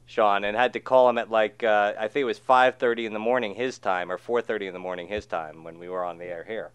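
A man's voice: on the low side, fairly even intonation, fast talker, clear, resonant tone. A man co-hosting a show in casual chat, easygoing and self-deprecating. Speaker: co-host.

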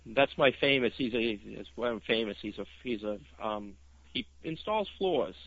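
A man from Cape Cod, a guest author, telling a story in a casual radio interview with many fillers and pauses. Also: fairly low pitch, expressive, fairly bright tone, slightly rough, dry recording. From Cape Cod, Massachusetts. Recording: dull lo-fi radio sound.

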